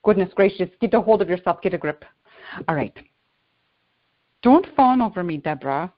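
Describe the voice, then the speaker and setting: A woman's voice: fairly low pitch, lively intonation, moderate pace, dull audio, close to an everyday voice. A woman channeling a playful, teasing male ascended-master spirit who jokes with the listeners. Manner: teasing, bantering, chuckling.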